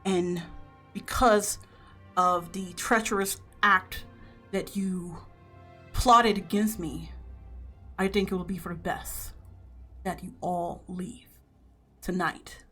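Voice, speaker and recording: A woman voicing a powerful male fey uncle who speaks slowly and coldly. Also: on the low side, fairly even intonation, soft background music. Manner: measured, quiet, menacing.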